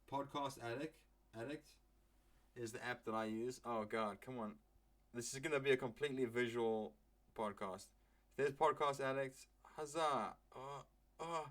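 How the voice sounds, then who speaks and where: A man's voice: mid-range voice, fairly bright tone. Rambling, swearing young man podcasting. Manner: rambling, swears freely, jokey asides. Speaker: podcast host. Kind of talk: casual solo podcast monologue.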